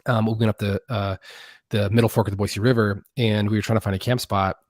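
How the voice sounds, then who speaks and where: A man with a low voice tells stories on a video call, with lots of fillers and restarts as he goes. He acts out what other people said in lively bursts. The sound is dry and close. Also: fast talker, dry recording. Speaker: guest YouTuber. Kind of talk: animated storytelling.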